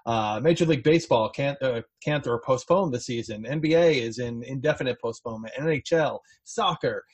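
A man's voice: mid-range voice, brisk, slightly rough. Chatty male podcast host. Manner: chatty, with restarts and fillers. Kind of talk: casual podcast chat.

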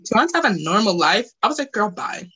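Bright, excitable young woman chatting. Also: medium pitch, breathy edge, highs cut off. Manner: excitable, giggly, quick to laugh. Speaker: podcast co-host. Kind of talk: casual chat.

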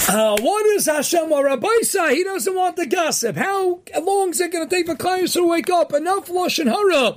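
A man hosting a daily inspirational Torah talk, telling jokes and teaching, with animated delivery and Yeshivish Hebrew terms, rising to emphatic near-shouts. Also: very high-pitched, normal speed, few pauses, a little hiss or hum.

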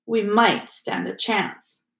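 A woman's voice: mid-range voice, expressive, slow, fairly bright tone. A woman voicing a clever, cautious teenage schoolgirl who talks earnestly, in an echoey room. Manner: earnest, careful.

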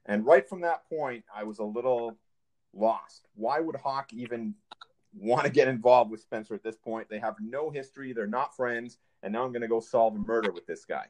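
Measured, critical male co-host. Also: mid-range voice, darkish tone. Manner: measured, plainly critical summaries. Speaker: podcast co-host. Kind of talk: casual movie review chat.

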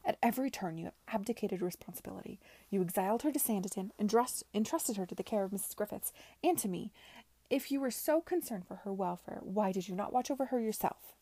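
Woman voicing an earnest young woman, urgent, pleading, mellow, gravelly. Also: medium pitch, lively intonation, fairly quick, no room sound.

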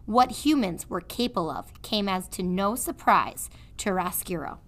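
A woman, a third grade teacher, reading a children's novel aloud in a measured storytelling way. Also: mid-range voice, expressive, a bit bright.

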